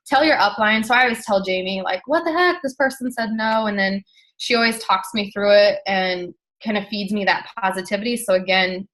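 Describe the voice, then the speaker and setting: A woman's voice: mid-range voice, a bit bright, poor audio. A young woman giving a casual motivational talk to her sales team, chatty and earnest with many fillers. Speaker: network marketing team leader.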